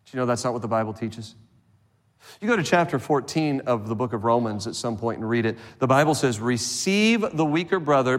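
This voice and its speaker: A man preaching a sermon as pastor in a church, with an animated delivery, acting out the voices of the people in his stories. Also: mid-range voice. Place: church sanctuary. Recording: long hall reverb.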